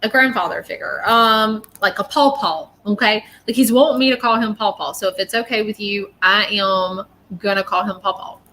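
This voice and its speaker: A woman delivers a live-stream psychic reading in a bright, sharp-edged voice. Her talk is chatty and rambling, and she keeps checking in with her viewers as she goes. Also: mid-range voice, moderate pace, hardly any pauses, a little hiss or hum. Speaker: psychic medium.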